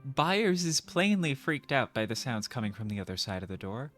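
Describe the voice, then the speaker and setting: A woman's voice: a bass voice, very animated, moderate pace, faint music behind. A woman playing a video game and reading its text aloud, with playful, jokey, mock-dramatic asides.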